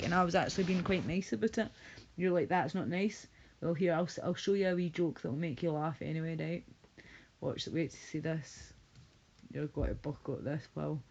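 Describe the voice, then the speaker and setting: A woman's voice: lowish voice, dull audio, slight background noise. A woman streaming live, casually chatting with viewers in a blunt, sweary, teasing way.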